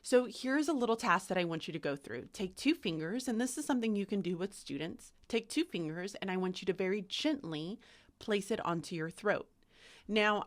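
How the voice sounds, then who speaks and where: A young adult woman teaching phonics to camera, speaking carefully and sounding out letters as she demonstrates. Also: mid-range voice. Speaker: literacy teacher.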